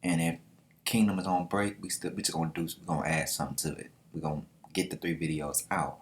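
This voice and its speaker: A man hosting a casual manga reaction vlog, excited and slangy, swearing freely. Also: deep voice, fast talker. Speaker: manga reaction channel host.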